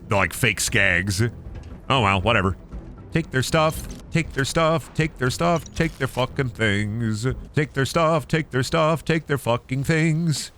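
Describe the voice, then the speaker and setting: Young male game streamer, lively pitch, bright tone, playful and crude. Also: slight background noise. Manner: goofy, profane, playful voice swings. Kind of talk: casual gameplay commentary.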